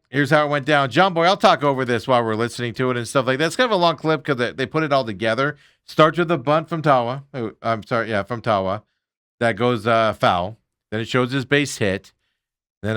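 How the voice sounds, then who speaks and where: A man's voice: medium pitch, smooth, no room sound, clean studio sound. A man hosting a sports talk show, giving opinionated, mocking rants on baseball clips and reading out viewer comments. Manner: ranting, mocking, animated.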